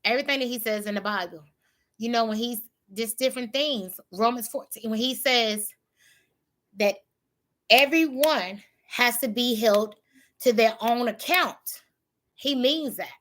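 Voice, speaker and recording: A woman's voice: on the high side, measured pace, a bit bright. A woman hosting a livestream, talking casually and emphatically about faith with her viewers. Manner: emphatic, preachy, colloquial. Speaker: livestream host.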